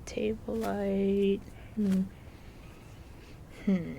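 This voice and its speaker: A woman's voice: mid-range voice, level tone, vocal fry, slight background noise. A woman giving casual gameplay commentary, chatting to the game's animals in a cooing voice and sometimes dropping to a near-whisper. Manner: slow, unhurried, drifts into soft near-whispers. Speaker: gaming video creator.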